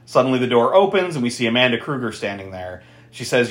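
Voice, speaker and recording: A man recaps a film for his podcast co-host with lots of energy, swearing and laughing as he goes. His pitch jumps around a lot, and he sounds like he is in a room with some echo. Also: animated, a little fast, fairly bright tone. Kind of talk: casual movie recap.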